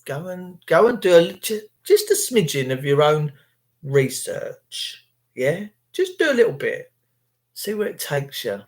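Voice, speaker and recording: A man's voice: big pitch swings, measured pace. Middle-aged man, crude casual rant, swearing and mocking. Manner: crude, swearing, mocking, jumps to high mimicking voices. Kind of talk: casual ranting monologue.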